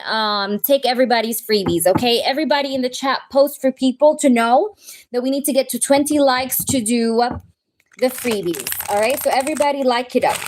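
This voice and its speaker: Chatty woman tarot reader on a live stream, fairly high voice, addresses viewers directly. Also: darkish tone. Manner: chatty, talks to chat, speaks as the twin flame in first person.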